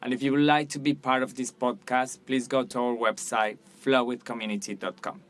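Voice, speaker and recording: Guy hosting a podcast, upbeat and welcoming, mid-pitched voice. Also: little pitch movement, brisk. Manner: upbeat, welcoming, loose grammar. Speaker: podcast host. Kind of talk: casual interview hosting.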